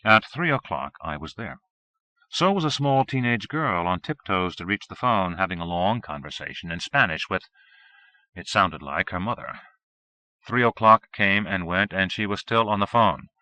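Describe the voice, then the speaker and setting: A man narrating a first-person novel as an audiobook, with steady, measured reading. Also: sits low, dry recording. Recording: dull 1980s cassette recording.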